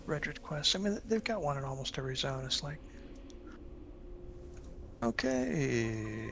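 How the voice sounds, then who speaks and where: A man chatting casually with a friend during a game, relaxed and explaining things by listing them. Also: on the high side, a little slow, gravelly, long pauses, a little hiss or hum. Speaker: friend in voice chat. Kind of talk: casual gaming chat.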